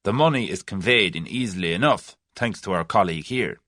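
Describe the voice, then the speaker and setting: A man's voice: sits low, expressive, brisk, a bit bright, no room sound, clean studio sound. A man doing a rich-voiced Irish conspirator. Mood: insistent.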